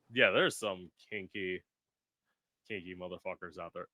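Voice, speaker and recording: A man's voice: low-pitched, sharp tone, no room sound, studio quality. A man hosting a casual podcast chat, blunt and profane, acting out quotes as he talks. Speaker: podcast host.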